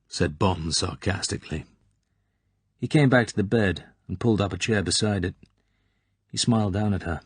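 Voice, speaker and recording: A man reading a novel aloud in measured scripted narration. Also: sits low, husky, no room sound. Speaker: audiobook narrator.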